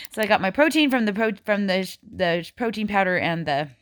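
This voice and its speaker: A woman's voice: mid-range voice, normal speed, a bit bright. Chatty woman in her forties vlogging. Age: 40s. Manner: chatty, rambling, counts out food amounts. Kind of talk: casual diet vlog chat.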